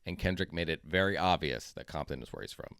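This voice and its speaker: A man's voice: very deep voice, animated, fast talker, fairly bright tone, clean tone, dry recording, studio quality. A man hosting a commentary video, talking bluntly and sarcastically. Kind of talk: opinionated commentary.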